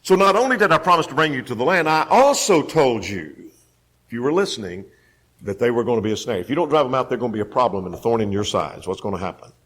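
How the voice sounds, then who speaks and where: A male Bible class teacher with a lively, up-and-down voice in a middle register. He stresses his points by repeating them and keeps asking his listeners questions. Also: medium pitch, quick pace. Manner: emphatic, repeats key phrases for the class.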